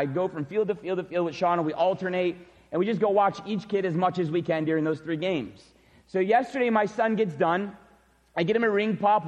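High-voiced pastor in a big echoey hall. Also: male voice, lo-fi sound. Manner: animated storytelling, shouts when acting out cheers. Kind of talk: sermon with personal story. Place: church sanctuary.

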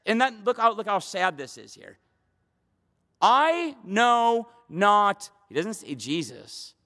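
A male pastor preaching a sermon, emphatic and swinging between loud declarations and hushed asides, in a church. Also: high voice, very animated, normal speed, vocal fry. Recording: long hall reverb.

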